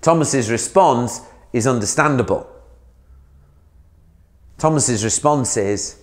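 A man's voice: mid-range voice, moderate pace. A man, a minister giving a sermon in a conversational way, asking the listener questions.

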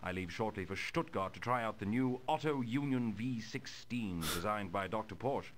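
A man's voice: on the low side, animated, moderate pace, lightly acted. An actor playing a courteous, sporty young male baron in a video game, speaking in a polished, formal way.

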